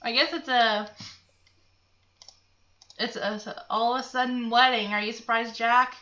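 A woman's voice: on the high side, little pitch movement, normal speed, sharp tone. A woman casually chatting while playing a life-simulation game, easygoing and giggly. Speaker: gameplay co-commentator. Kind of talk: casual let's-play chat. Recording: muffled distant mic with faint game music.

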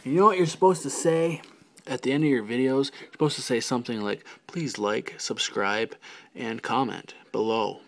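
A man's voice: medium pitch, normal speed, a bit bright. A man vlogging alone to his camera, rambling playfully, drifting into whispers and joking about his attempts at other accents. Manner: silly, slips into mock accents and whispers. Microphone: handheld camera.

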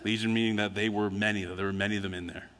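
A lower-pitched man preaching a conversational sermon with a bright, forceful edge to his voice. He tells his stories plainly and slips into the speakers' voices now and then. The sound carries a long reverb from a church hall. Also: flat delivery, racing, slight background noise. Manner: conversational storytelling preaching with acted quotes. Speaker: pastor. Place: church sanctuary.

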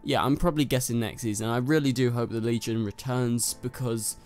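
With faint music in the background, a North London man hosts a TV review, chatting loosely about an episode and using lots of fillers. He has a London accent and speaks a little fast in a mid-range voice, with a steady, darkish tone.

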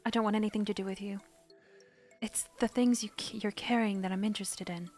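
A woman's voice: medium pitch, steady tone, fairly quick, a little mellow, faint music behind, lightly acted. A woman voicing a cold, aloof male mourning dove who speaks curtly and dismissively. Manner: curt, dismissive.

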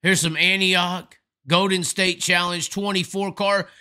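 A man's voice: high voice, level tone, measured pace, pushed and bright. A man hosting a live stream, delivering a profane, emphatic, rambling rant of commentary. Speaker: host.

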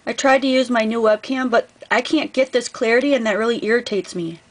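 Female craft vlogger, higher voice, effusive casual unboxing chat. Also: brisk, poor audio. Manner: gushing, effusive.

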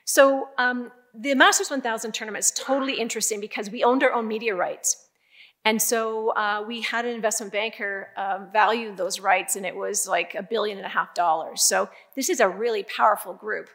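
An older woman giving a keynote speech, telling stories in a lively way with emphatic, repeated phrases. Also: medium pitch, normal speed. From Canada. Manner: lively storytelling, emphatic repetition. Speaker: keynote speaker.

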